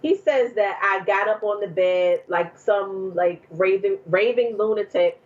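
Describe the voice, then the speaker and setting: Woman guest from New Jersey, chatty storyteller with lots of fillers, mid pitch, slightly muffled audio. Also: measured pace, darkish tone. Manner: chatty, laughs often, many fillers. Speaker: podcast guest. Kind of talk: casual storytelling.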